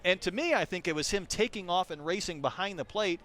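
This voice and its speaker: A man doing live play-by-play baseball commentary, calling pitches and chatting between them. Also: fairly quick, fairly bright tone. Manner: conversational, calls pitches between chatty stories. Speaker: play-by-play announcer.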